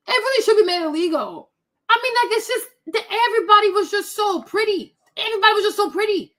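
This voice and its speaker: A woman host giving casual reaction commentary on pictures, animated and exclaiming, repeating herself a lot. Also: very high voice, fairly quick. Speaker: commentary vlogger.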